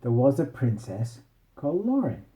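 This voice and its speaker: A man's voice: medium pitch, huge pitch swings, moderate pace, mellow, low-quality recording. A man improvising a meandering, playful bedtime story. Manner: playful, meandering, self-interrupting.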